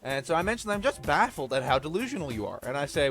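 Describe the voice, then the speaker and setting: A man's voice: mid-range voice, big pitch swings, fast, few pauses, fairly bright tone, faint music behind. A man commenting over gameplay footage, ranting bluntly, swearing freely and explaining himself at length. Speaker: gaming video creator.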